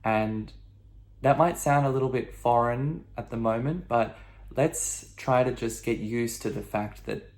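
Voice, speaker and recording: A man's voice: mid-range voice, unhurried, a little mellow. A man who speaks English natively, patiently explaining a language lesson and often checking in with "okay?". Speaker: language teacher. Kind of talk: video lesson.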